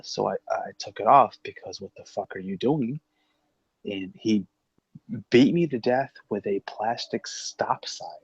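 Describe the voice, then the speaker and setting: A man in casual livestream banter, excitable and swearing a lot, with loud outbursts. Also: fairly low pitch, unhurried, husky, no echo, highs cut off. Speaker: co-host.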